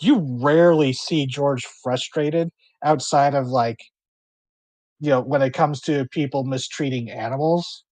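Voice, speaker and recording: A man's voice: mid-range voice, a little slow, darkish tone, no echo. A man working as game master and narrating a tabletop role-play game, rambling with fillers and restarts.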